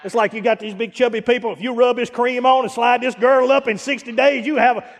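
A man preaching a sermon as pastor, emphatic and repetitive, rising into shouts to drive points home. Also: very high-pitched, fairly even intonation, quick pace, hardly any pauses. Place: church sanctuary. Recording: long reverb of a large church hall.

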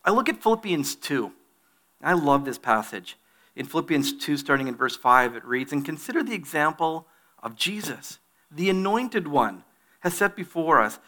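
Male pastor, bright tone, a touch high, reading scripture and preaching. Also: moderate pace. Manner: reads scripture aloud, then preaches with animated put-on voices. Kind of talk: sermon.

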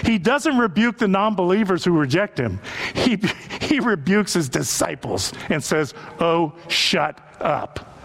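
A man's voice: high voice, very animated, moderate pace. A male pastor preaching a sermon to a church that is also streamed online, acting out the voices of the people he quotes.

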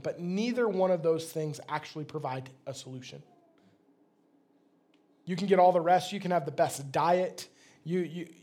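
A man's voice: on the high side, darkish tone. A man, a pastor, delivering a sermon in a conversational, plain-spoken way.

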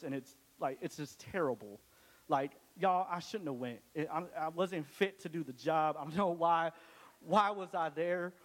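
A young man giving a casual, joking testimony to a church congregation, with lots of restarts. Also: fairly high pitch. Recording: long hall reverb.

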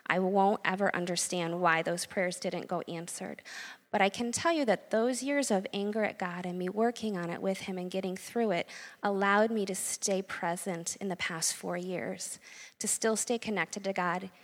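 A middle-aged woman giving a candid, earnest personal faith testimony to an audience. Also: mid-range voice. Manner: candid and earnest, frank about anger. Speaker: church speaker sharing a testimony. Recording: long hall reverb.

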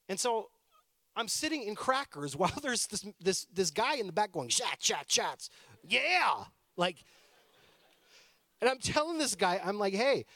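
A male pastor with a high voice that swings widely up and down, talking through a sermon like a chat with friends. He slips into playful asides between points. The sound is close and dry, with no room around it. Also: no room sound. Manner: conversational, animated storytelling with playful asides. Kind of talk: sermon with personal stories.

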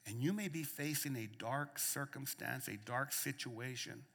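A man preaching a sermon, shifting between soft hushed lines and raised emphatic ones, repeating phrases for emphasis, in a church. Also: medium pitch, measured pace, creaky. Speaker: pastor. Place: church sanctuary. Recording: long reverb of a church hall.

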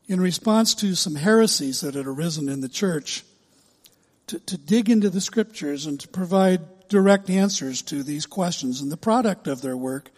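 A pastor preaching a sermon, measured and emphatic, stretching key words slowly for the congregation. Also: male voice, high voice, a little mellow, long reverb tail.

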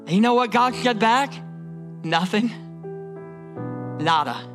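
A man's voice: very high-pitched, animated, a little fast, music in the background. A man from Indiana preaching a sermon as a pastor, emphatic and repetitive, often restarting his words.

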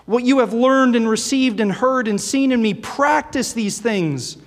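A man's voice: very high voice, steady tone, normal speed. A man preaching a sermon, earnest and full of rhetorical questions, reading scripture aloud between his own remarks. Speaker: pastor. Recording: long reverb of a large hall.

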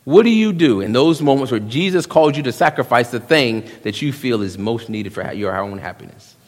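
A man, preaching a sermon, swinging between hushed asides and loud emphasis and acting out quick quotes. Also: mid-range voice, animated. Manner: drops into quick voiced quotes of young men. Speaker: pastor. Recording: long reverb of a church hall.

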